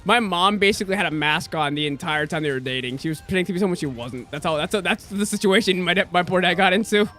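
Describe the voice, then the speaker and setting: A man's voice: high voice, fast, few pauses, pushed and bright, faint music behind. Ranting young male game streamer. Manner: ranting, profane, mimics people he quotes. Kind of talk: casual rant while streaming.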